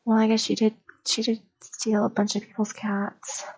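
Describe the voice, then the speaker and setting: A woman's voice: fairly high pitch, completely flat delivery, moderate pace, darkish tone, husky, poor audio. A woman streamer chatting in a casual, rambling, gossipy way and spilling a story, recorded on a desk microphone. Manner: rambling, gossipy, lots of fillers.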